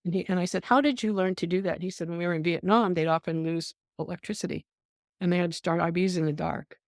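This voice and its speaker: An older woman, a nurse, telling stories in an interview. She is an animated storyteller who acts out the voices she quotes and often says "um". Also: lowish voice, quick pace, no echo, clean studio sound. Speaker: nurse guest.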